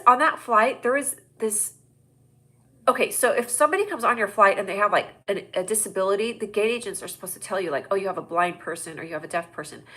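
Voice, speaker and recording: A woman in her thirties hosting a live stream, telling rambling, excitable stories in a casual chat. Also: mid-range voice. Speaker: host.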